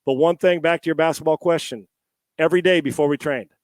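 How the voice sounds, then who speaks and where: A middle-aged man, a former quarterback, telling a long story as a podcast guest from home on a headset mic. He talks in a lively, rambling way, with many restarts and the odd swear word. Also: on the high side, fast talker, no echo. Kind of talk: storytelling in a casual interview.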